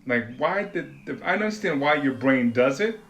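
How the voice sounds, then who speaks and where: A man's voice: medium pitch, lively intonation, normal speed, fairly bright tone. A man from Rhode Island, rambling in a blunt, profane, confessional monologue to camera. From Rhode Island, USA. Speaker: vlogger.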